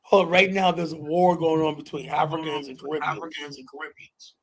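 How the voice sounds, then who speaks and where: A man's voice: a little high, level tone, quick pace, a crowd in the background. Emphatic, argumentative male podcast host. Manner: emphatic, argumentative, loose with profanity. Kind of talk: heated panel debate.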